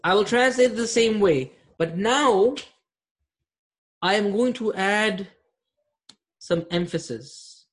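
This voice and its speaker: A man's voice: high-pitched, slow, long pauses, husky. A man teaching an Arabic grammar class online, patient, repeating terms and checking that students follow.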